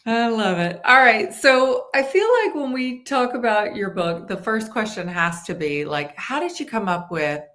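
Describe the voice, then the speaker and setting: A woman's voice: fairly high pitch, expressive, moderate pace, hardly any pauses, fairly bright tone. A woman hosting an interview show, upbeat and playful with her guest. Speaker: host. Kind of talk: casual interview chat.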